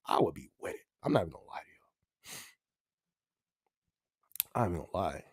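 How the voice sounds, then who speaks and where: A man's voice: medium pitch, very animated, a little fast, creaky, pauses often, a little mellow, no room sound, clean studio sound. A man hosting a casual live-stream podcast, chatting in slang, laughing often and repeating his phrases. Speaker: livestream podcast host.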